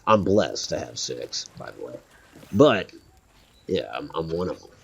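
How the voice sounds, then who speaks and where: A man's voice: a bass voice, big pitch swings, a little slow, vocal fry, a little hiss or hum. A man streaming a pirate game, chatting casually with a friend, joking, swearing freely and laughing often. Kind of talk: casual chat while gaming.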